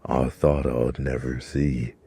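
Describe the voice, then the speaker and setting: A man voicing an earnest young prince, speaking in a very deep, husky voice. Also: level tone, slow pace, mellow, dry recording, heavily acted. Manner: earnest and determined.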